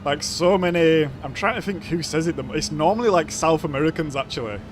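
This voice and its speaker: A man's voice: fairly high pitch, brisk, background noise. A man from Yorkshire with a Yorkshire accent, chatting casually with his viewers while commentating his own live racing gameplay. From Yorkshire, England. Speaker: streamer.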